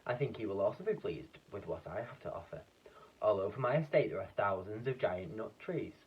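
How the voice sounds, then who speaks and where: A man reading aloud, voicing a generous, excitable old Duke in a children's storybook. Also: fairly low pitch, a little fast, a little hiss or hum. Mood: grand. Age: older. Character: old male giraffe-loving grand Duke, jolly and generous. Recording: dull, distant lo-fi recording.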